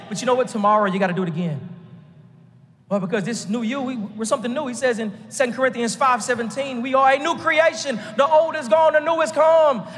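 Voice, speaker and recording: A man from Texas, preaching a lively sermon from the pulpit with jokes and rising shouts. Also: very high voice, long reverb tail. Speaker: pastor.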